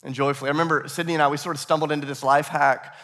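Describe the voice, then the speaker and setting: A man preaching a sermon as pastor, energetic, repeating key phrases and prompting the congregation to call out answers. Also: fairly high pitch, rapid-fire. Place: church sanctuary. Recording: echoey hall reverb.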